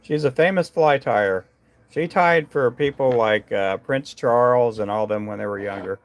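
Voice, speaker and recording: A man with a gravelly, creaky voice talks to viewers on his live stream. He rambles from thought to thought with lots of fillers and false starts as he works at his tying bench indoors. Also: medium pitch, normal speed. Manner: rambling, chatty, many fillers and restarts. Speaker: livestream host tying fishing jigs.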